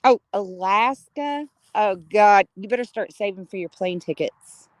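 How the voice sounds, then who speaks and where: A woman's voice: medium pitch, expressive, a little slow, dry recording. Gushing middle-aged woman streamer. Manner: warm, gushing, greets viewers, laughs often. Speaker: live streamer. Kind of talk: casual live-stream chat.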